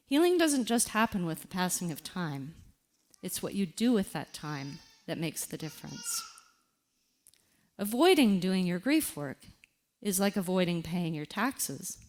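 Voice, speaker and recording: A woman speaks slowly and deliberately in a reflective talk, guiding her listeners through a quiet exercise. Her voice sits a little low but rises and falls with lively expression. She leaves pauses between phrases. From Canada. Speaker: speaker on grief.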